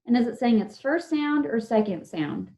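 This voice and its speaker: A woman teacher giving an online spelling lesson over a video call, dictating words slowly and drawn out, patient and encouraging with her class. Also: fairly high pitch, sing-song, dark tone. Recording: dull lo-fi video call audio.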